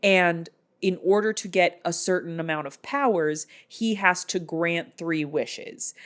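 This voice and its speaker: A woman hosting a casual movie recap, telling the plot in a lively way and acting out the characters. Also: lowish voice. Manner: animated storytelling that acts out characters. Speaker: film recap host.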